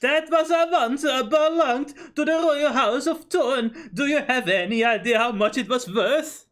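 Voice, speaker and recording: A man reading a haughty noblewoman's game dialogue aloud in a high, imperious put-on voice. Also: measured pace. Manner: imperious, loud. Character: haughty shrill noblewoman scolding servants.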